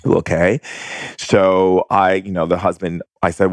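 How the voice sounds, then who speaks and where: A man, a spiritual teacher, talking in a reflective monologue with slow, deliberate, drawn-out phrasing and long run-on sentences. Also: deep voice, fairly even intonation, dry recording.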